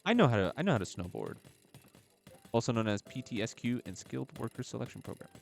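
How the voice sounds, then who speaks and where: A man's voice: medium pitch, big pitch swings, quick pace, creaky. A man from the United States chatting casually while streaming a game, joking around and fumbling as he reads aloud. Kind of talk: casual chat while gaming. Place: at home, gaming live. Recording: music playing faintly behind.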